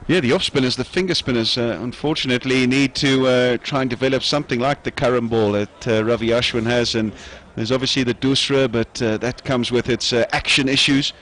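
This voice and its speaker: A man giving live cricket commentary in a measured way, often pausing with "uh" between phrases. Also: medium pitch, steady tone, fairly bright tone, a little hiss or hum. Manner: measured, frequent "uh" pauses.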